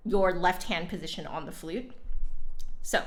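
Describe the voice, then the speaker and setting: A woman's voice: on the low side, a little slow, slight background noise. A young woman musician chatting casually with her live-stream audience, giggling often and a little out of breath. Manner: chatty, giggly, reads chat aloud. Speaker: flutist streamer.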